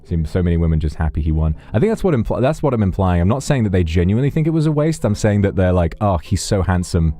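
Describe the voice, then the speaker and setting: Deep-voiced man in casual stream chat. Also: big pitch swings, fast talker, few pauses, dark tone, soft background music. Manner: rambling, self-interrupting, wry.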